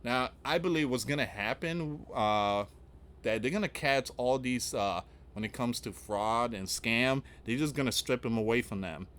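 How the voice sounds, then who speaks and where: A man's voice: medium pitch, normal speed, a bit bright. A man hosting an online news channel, talking casually to viewers in a rambling, repetitive way. He reads news items aloud and reacts with rhetorical questions. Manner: rambling, repetitive, often restarting with "again" and "guys". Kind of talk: casual political commentary to viewers.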